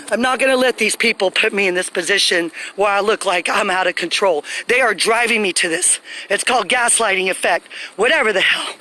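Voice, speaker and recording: A woman's voice: medium pitch, normal speed, pushed and bright, low-quality recording. A woman, ranting angrily to viewers on a phone livestream outdoors, speaking in an indignant, emphatic way.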